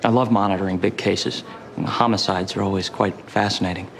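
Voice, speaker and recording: Mild-mannered reverend, kinda low voice, asks too many questions, faint hum behind. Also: male voice, steady tone, a little fast, creaky. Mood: polite curiosity. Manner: polite, mild and probing. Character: curious, oddly eager male minister. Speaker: minister.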